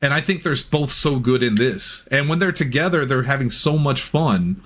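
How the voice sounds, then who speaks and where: A man's voice: mid-range voice, lively intonation, moderate pace, a bit bright. A man co-hosting a podcast, rambling in a casual film review chat, laughing easily and swearing. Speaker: podcast co-host.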